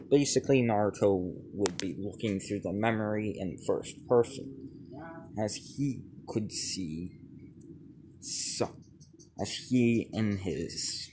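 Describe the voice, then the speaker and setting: A man telling a fan-made story off the cuff, halting and restarting his sentences, stringing events together with "as". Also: fairly low pitch, a little mellow, slight background noise. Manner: halting, many restarts and repeated "as he would". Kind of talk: improvised fan-fiction narration.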